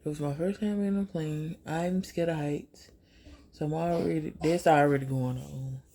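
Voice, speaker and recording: A woman's voice: sits low, normal speed. A young woman vlogger, chatting casually through a storytime while doing her makeup and acting out what people said. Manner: chatty, animated retelling with quoted asides.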